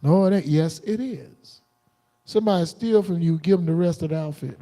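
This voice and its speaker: A man preaching a combative, defiant sermon on a livestream, jumping into sudden high outbursts. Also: normal speed, warm tone. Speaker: preacher streaming live.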